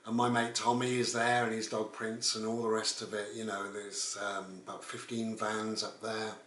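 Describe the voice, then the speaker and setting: A man's voice: lowish voice, level tone, moderate pace, fairly bright tone. A man, telling a rambling, casual story as a vlogger. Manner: rambling, with frequent "and all the rest of it". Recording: roomy, distant mic.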